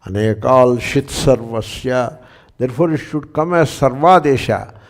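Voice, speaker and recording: A man's voice: mid-range voice, unhurried. An older man with an Indian English accent, lecturing on Sanskrit grammar and scripture, explaining step by step and checking in with his listeners. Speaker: Sanskrit teacher.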